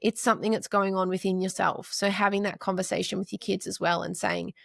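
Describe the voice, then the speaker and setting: A woman in her forties speaks as a podcast guest in a relaxed interview, with a gravelly edge of vocal fry running under a mid-pitched voice. She talks earnestly and builds long lists of short phrases. The sound is close and dry. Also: a little fast, no room sound. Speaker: podcast guest, mother and counselor. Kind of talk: casual interview chat.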